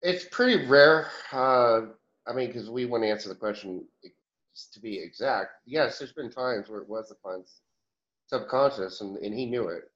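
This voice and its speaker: A man answers questions in a channeling session at an even, middling pitch, rambling through restarts and soft chuckles. The sound is dull and lo-fi, with the top end muffled. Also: normal speed.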